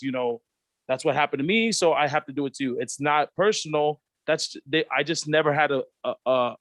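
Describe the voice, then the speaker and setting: A man from the Pacific Islands, mid-range and fairly bright in tone, speaks with no echo as a guest in a candid panel discussion over video call. Earnest and reflective, he performs quoted voices.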